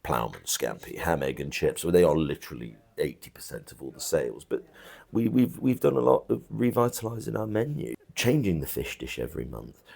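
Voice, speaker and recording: Gravelly deep-voiced pub landlord. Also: male voice, sing-song, fairly quick, a little mellow. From England. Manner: blunt, chatty, many restarts and asides. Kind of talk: casual interview chat. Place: country pub bar.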